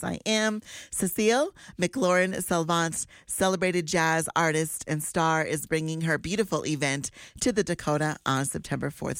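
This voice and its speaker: A woman's voice: deep voice, fairly bright tone, no room sound. A woman radio host, emotional and teary, gushing through morning chat and local event announcements in a studio. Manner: gushing, effusive, lots of sighs and exclamations.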